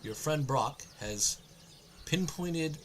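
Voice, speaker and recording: A man narrating a tabletop game as game master over a voice call, relaxed and halting, with many fillers. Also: fairly high pitch, crowd noise. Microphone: online voice call mic.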